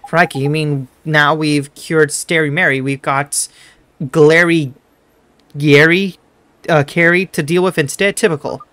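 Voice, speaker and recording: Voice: mid-range voice, fairly even intonation, unhurried, fairly bright tone, voice pushed down, natural voice. A gamer voicing a cheeky, slangy fairy sidekick. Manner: chatty, slangy, teasing.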